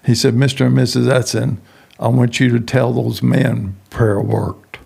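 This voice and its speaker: A man's voice: mid-range voice, little pitch movement, a little slow, creaky, a little mellow, slightly rough. A middle-aged man, a prison ministry founder, telling a long personal story in a podcast interview and acting out the people he quotes.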